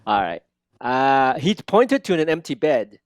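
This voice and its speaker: Male accent coach, middle pitch, animated, models lines slowly, dry sound. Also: dry recording. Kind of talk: one-on-one language lesson.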